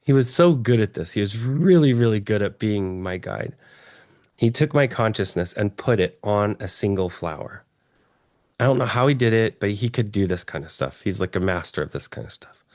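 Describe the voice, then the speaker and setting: A man from Texas telling his story as an interview guest, earnest and excitable, often restarting his phrases. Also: lowish voice, moderate pace, no echo, studio quality. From Texas, USA.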